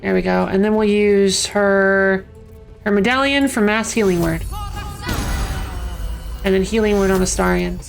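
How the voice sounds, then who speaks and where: A woman's voice: medium pitch, measured pace, gravelly, long pauses, faint music behind. A woman streaming a video game, chatting casually and muttering annoyed asides to herself. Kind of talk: casual gameplay commentary.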